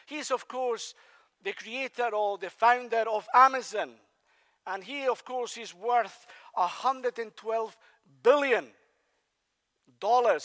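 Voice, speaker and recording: A man's voice: very high voice, a bit bright. A man from Spain preaching a sermon in a conversational way, putting questions to the congregation. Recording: long reverb of a large hall.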